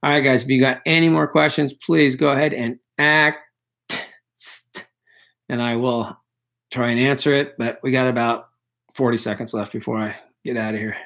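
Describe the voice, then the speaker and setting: A man's voice: mid-range voice, steady tone, moderate pace, vocal fry, a bit bright. A male history teacher running a casual review session, talking loosely with many fillers, and losing his voice. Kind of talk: live online review session.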